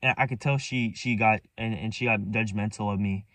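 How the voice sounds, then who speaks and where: A man's voice: fairly low pitch, fairly even intonation, a little fast, fairly bright tone, no echo, far from the mic. A young man rambling through a story from his own life, restarting and repeating himself, set back from the mic. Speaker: vlogger. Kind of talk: casual storytelling.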